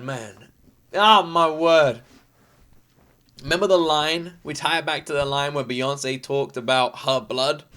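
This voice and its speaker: Bright, effusive reaction-video host. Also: medium pitch. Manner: effusive and excitable, swears freely. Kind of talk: casual reaction commentary.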